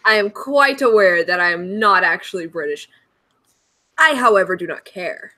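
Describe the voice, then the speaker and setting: A woman's voice: fairly low pitch, animated, normal speed, sharp tone. A woman from Georgia, a guest in a casual chat, talking bluntly and playfully and laughing at herself. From Georgia, USA.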